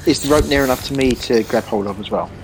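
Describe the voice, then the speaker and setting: A man's voice: mid-range voice, quick pace, creaky, slight background noise, poor audio. A man playing a tabletop game, talking politely with many uhs. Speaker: player. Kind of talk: casual game chat.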